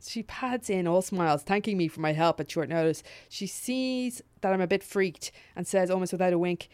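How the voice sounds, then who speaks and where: A woman's voice: on the low side, normal speed, few pauses, darkish tone, clean tone. A woman reading a funny story aloud on a podcast, often laughing, stopping to comment and swearing freely. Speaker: podcast co-host.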